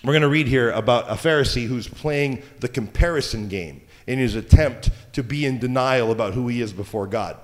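A man's voice: medium pitch, fairly quick, few pauses. Male pastor preaching, chatty and jokey, mid voice, big echoey church hall. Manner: conversational, joking asides. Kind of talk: sermon. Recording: long hall reverb.

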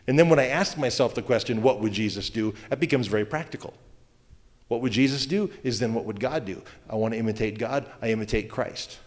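A man's voice: mid-range voice, a little fast. Male pastor, conversational preaching style, joking asides, long hall reverb. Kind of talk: sermon.

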